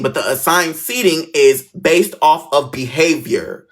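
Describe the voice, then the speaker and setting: A man telling a personal school story in a casual, animated, swearing style. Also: fairly high pitch, takes it slowly, few pauses, soft background music.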